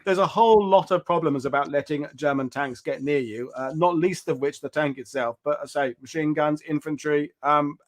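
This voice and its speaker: A man's voice: on the high side, normal speed, few pauses. Thoughtful male show host. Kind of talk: casual discussion.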